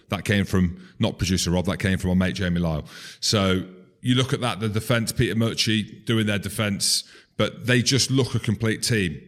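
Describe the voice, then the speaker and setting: A man co-hosting a rugby podcast, chatty and self-mocking as he runs through players. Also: on the low side. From Scotland. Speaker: podcast co-host. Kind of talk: casual rugby chat.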